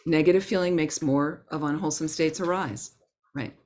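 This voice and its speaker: A woman teaching a Buddhist class in a gentle, conversational way, acting out her inner thoughts as examples. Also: sits low, moderate pace. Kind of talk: Dharma talk to a class.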